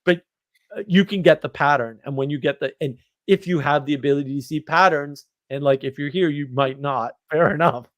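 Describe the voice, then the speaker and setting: A man's voice: fairly high pitch, brisk, a bit bright, no room sound. Blunt, joking man on a dry mic. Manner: blunt, joking, self-deprecating. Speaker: host. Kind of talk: casual rambling chat.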